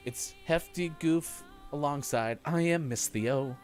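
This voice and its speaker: A man's voice: on the high side, slow, over music. A man co-hosting a morning gaming stream, reading out player scores in an upbeat announcer way. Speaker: morning show co-host. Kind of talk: live-stream game commentary.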